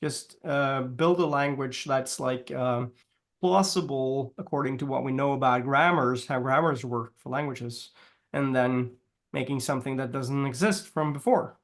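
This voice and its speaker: A man's voice: mid-range voice, steady tone, a little slow. A man being interviewed in a casual chat, talking loosely with many fillers and restarts and laughing often. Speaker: guest, language consultant.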